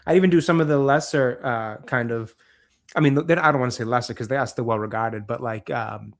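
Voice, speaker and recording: A man co-hosting a film review chat, talking in a quick, chatty way. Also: medium pitch, vocal fry. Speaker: film club co-host.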